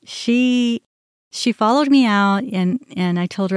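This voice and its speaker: Animated woman telling a personal story. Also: medium pitch, a little fast, clean tone, no echo, clean studio sound. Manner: animated, quotes herself and others, restarts when upset. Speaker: podcast host.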